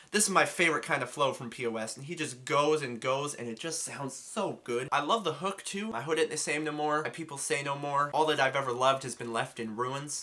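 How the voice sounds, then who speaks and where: Casual male music reviewer, excitable and foul-mouthed, bright tone. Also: mid-range voice. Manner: enthusiastic, swears freely.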